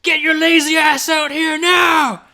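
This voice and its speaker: A man putting on a furious prison guard who bellows orders in a high, strained shout and drags every word out slowly. The voice is bright and gravelly, pushed well above his normal talking pitch. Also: flat delivery, exaggerated voice. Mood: bellowing. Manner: shouting, drawn-out barking orders.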